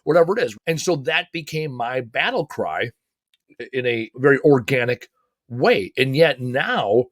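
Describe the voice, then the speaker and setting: A middle-aged man from the United States giving an energetic, emphatic motivational talk as host, swearing casually. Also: medium pitch, a little slow, no echo, clean studio sound.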